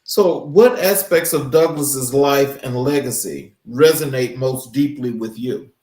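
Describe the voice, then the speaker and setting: A male interviewer asking a question in a measured, unhurried manner. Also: medium pitch, darkish tone, reverberant.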